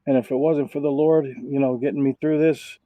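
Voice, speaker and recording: A man's voice: mid-range voice, steady tone, brisk, dark tone, dry recording, rough recording. A man, a sim racing driver recovering from illness, giving heartfelt, rambling thank-yous over voice chat.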